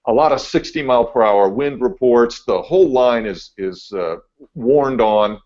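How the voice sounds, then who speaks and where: A man's voice: medium pitch, unhurried. Laid-back male meteorologist guest, chatty storyteller, slightly dull lo-fi sound. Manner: laid-back, animated when telling stories. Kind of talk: casual podcast storytelling. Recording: dull lo-fi audio.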